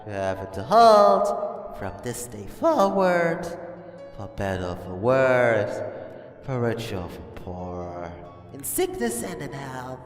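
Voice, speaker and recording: A man voicing a whimsical wedding officiant who half-sings the vows in a slow, sing-song cadence. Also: mid-range voice, big pitch swings, roomy sound, big-room sound, soft background music. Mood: ceremonial.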